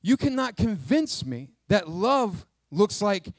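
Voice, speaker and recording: A middle-aged male pastor delivers a sermon in a lively, conversational style, weaving jokes and asides into his teaching. His voice is high, he speaks slowly, and there's no room sound.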